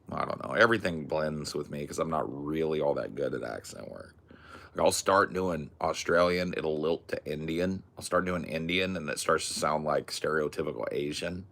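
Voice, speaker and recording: Deep, gravelly American man, loose profane podcast riffing. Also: normal speed, a bit bright. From United States. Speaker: podcast host. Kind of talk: casual comedic podcast chat.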